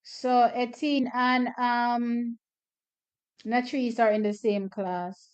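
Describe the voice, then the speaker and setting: A woman's voice: a little high, fairly even intonation, takes it slowly, clear, resonant tone. A woman hosting a track watch party, chatting and commenting on races with strong, repeated opinions. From Jamaica. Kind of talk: casual live track commentary.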